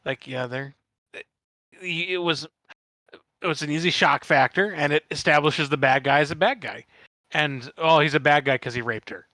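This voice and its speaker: A man with a Midwestern accent, co-hosting a casual podcast chat, halting and swearing casually. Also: fairly high pitch, sharp tone, no echo. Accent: Midwestern American. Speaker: guest host.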